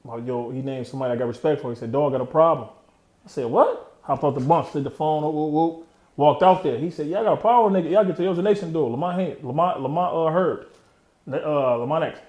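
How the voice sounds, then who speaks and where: A streetwise man in his thirties tells his story in a candid interview, his words spilling out fast and loaded with slang. His voice sits a little high for a man, and he often trails off mid-thought. The room around him rings with a noticeable echo. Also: darkish tone. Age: 30s. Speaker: interview guest.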